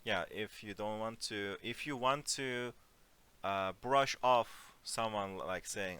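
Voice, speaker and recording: A man teaching an online Turkish lesson in English, explaining phrases slowly and giving spoken examples. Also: on the low side, pushed and bright, clean tone. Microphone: computer mic on a voice call.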